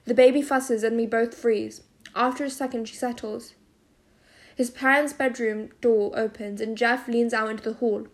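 A woman narrating a first-person novel as an audiobook, in a steady storytelling manner. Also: fairly high pitch, normal speed.

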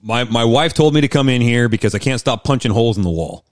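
A man acting as a put-upon husband in a counseling session, grumbling defensively about work and home. He talks fast and half-jokingly, and the sound is dry and close. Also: mid-range voice, no room sound, lightly acted. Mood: aggrieved. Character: angry stressed husband seeking counseling, adult man.

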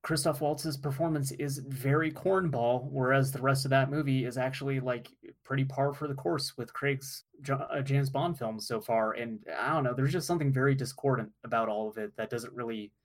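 A man's voice: medium pitch, normal speed, few pauses. A man on a podcast, chatting casually and giving opinions about movies. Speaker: podcast co-host.

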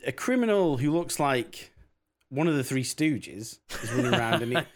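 Brief: male podcast host, mid-pitched, wry plot recapper. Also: lively intonation, moderate pace. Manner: wry, summarizing plot, swears. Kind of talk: casual film chat.

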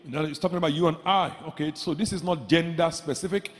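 A man preaching a sermon as pastor, emphatic, repeating phrases and rising to shouts. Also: fairly high pitch, fairly even intonation, fast talker, hardly any pauses, big-room sound.

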